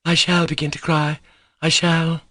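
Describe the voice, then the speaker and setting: A man performs an impulsive young woman in a classic novel reading, her voice lifted higher than his own. She pleads and scolds with heated emotion. The sound is close and dry. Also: normal speed, no room sound, close to an everyday voice.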